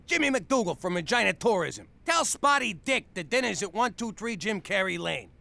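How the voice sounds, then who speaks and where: A crude tough-talking official. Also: male voice, sits high, big pitch swings, moderate pace, gravelly, sharp tone, full character voice. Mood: eager. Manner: tough-guy gangster bluster, ungrammatical. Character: blustering middle-aged tourism official, crude and dim.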